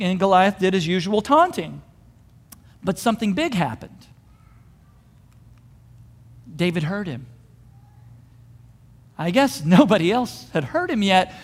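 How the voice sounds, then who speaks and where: High-voiced pastor preaching in a reverberant hall. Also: male voice. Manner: animated storytelling, acting out crowd voices. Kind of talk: sermon.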